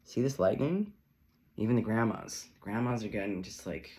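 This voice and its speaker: A man's voice: fairly low pitch, moderate pace, darkish tone. A man giving a casual tarot reading in a sassy, chatty, profane manner. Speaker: tarot reader.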